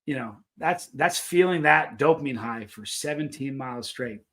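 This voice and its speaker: A man's voice: medium pitch, animated, normal speed, a bit bright. A man hosting a livestream, chatting casually and rambling to his viewers. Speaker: livestream host.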